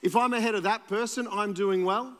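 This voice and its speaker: A man's voice: high-pitched, fairly even intonation, brisk, fairly bright tone, slight background noise. A man preaching a sermon as pastor, conversational with playful asides and emphatic repetition. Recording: long hall reverb.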